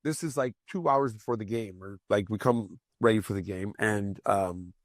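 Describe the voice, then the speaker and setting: A man in his forties, a former hockey player guesting on a podcast, telling rowdy stories in a casual, heavily profane way and loudly acting out the lines of other people. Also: fairly low pitch, moderate pace, no echo, studio quality. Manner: profane, animated, acts out quoted lines loudly.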